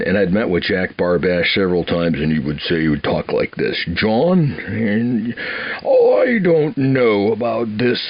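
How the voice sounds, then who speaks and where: Deep-voiced and captured in lo-fi audio, this older Wisconsin man casually narrates his own life. He wanders from point to point, chuckling and frequently starting over.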